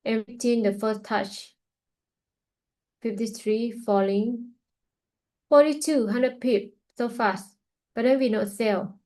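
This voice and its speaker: A woman's voice: a little high, steady tone, takes it slowly, long pauses, darkish tone, poor audio. A woman hosting a trading webinar, thinking aloud over live charts with loose grammar and many fillers, tired and yawning. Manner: casual, thinking aloud while watching charts. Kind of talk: live market analysis.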